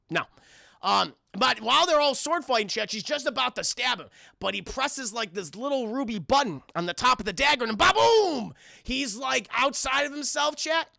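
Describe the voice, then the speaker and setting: A man casually retelling a film to his live chat, profane and animated, addressing the chat constantly. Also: very high voice, vocal fry, no echo, studio quality. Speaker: streamer and film reviewer.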